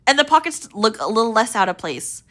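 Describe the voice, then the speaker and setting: A woman's voice: fairly high pitch, big pitch swings, brisk, pushed and bright. Chatty young woman with a tiring voice. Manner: chatty, rambling, lots of likes and ums. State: voice tiring, slightly strained. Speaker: gaming video creator. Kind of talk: casual rating commentary.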